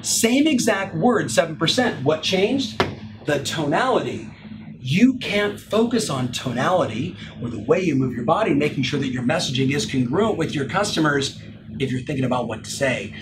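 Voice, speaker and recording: A middle-aged man coaching real estate agents in an energetic, emphatic motivational talk. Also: on the high side, normal speed, noisy background. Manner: animated, emphatic, acts out example phone lines.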